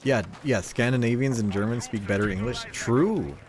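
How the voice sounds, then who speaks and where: A man's voice: medium pitch, steady tone, brisk, a little hiss or hum. A young American man chatting casually on a game stream, rambling with lots of fillers and swearing. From United States. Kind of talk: casual gaming stream chat. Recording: game gunfire loud behind voice. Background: gunfire and game sounds.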